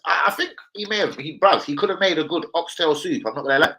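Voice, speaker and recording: A man's voice: fast, few pauses, slight background noise, rough recording. Brash, swearing young man. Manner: brash, swearing, jokey, shifts between loud rapping and low muttering. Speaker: livestream host. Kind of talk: casual live football chat with freestyle rap.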